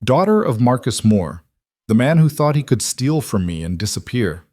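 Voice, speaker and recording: A man voicing a cold, commanding male mafia boss with a deep voice and a faint European accent. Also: very animated, moderate pace, a little mellow, no echo, clean studio sound. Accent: faint European trace. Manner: controlled, coldly commanding.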